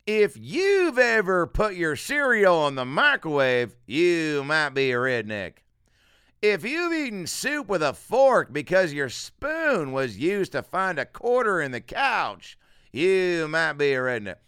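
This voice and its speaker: A man's voice: fairly high pitch, wildly swooping pitch, slow pace, sharp tone, clean tone, no echo, clean studio sound, voice pushed up, exaggerated voice. Man putting on a twangy redneck comic. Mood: mock-folksy. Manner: drawling, building rant. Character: twangy loud male redneck-joke comic.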